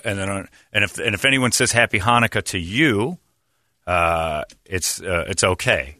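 Guy hosting a morning show, telling a story w lots of uhs, kinda low voice, dry studio sound. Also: normal speed, no echo. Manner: rambling, lots of "uh" fillers, animated retelling. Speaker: radio show host. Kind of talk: casual storytelling chat.

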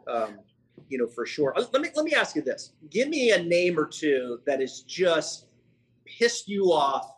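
Bright, husky-voiced podcast host man. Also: a little high, poor audio. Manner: conversational, frequent fillers and self-corrections. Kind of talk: casual podcast chat.

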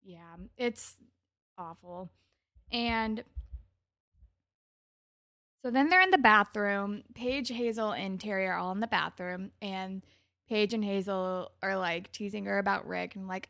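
A young woman co-hosting a casual recap podcast, chatty and animated, acting out characters' lines with big jumps in her voice. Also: mid-range voice, unhurried, creaky, long pauses, no echo, clean studio sound. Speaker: podcast co-host.

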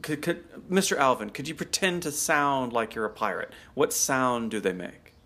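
A man's voice: medium pitch, animated, normal speed, sharp tone. A man co-hosting a casual talk show, explaining things in a chatty way full of fillers and asides. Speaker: podcast co-host. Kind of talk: casual chat.

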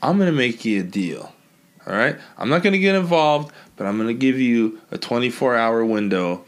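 A man's voice: medium pitch, animated, moderate pace, natural voice. A man voicing a wisecracking male god with a New York accent who talks in a breezy, deal-making way. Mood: wheeling-dealing.

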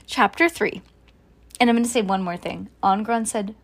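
A mother reading a children's book aloud to her daughter, animated and affectionate, breaking off for chatty asides. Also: mid-range voice, normal speed.

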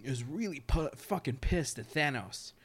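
A man co-hosting a casual chat, joking fast and crude and laughing often. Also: a little high, animated, husky. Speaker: podcast co-host.

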